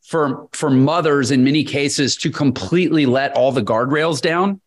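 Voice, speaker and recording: A man in casual podcast chat with a middle-range voice. He talks reflectively and a bit haltingly, pausing and restarting as he works through a point. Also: mid-range voice. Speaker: podcast co-host.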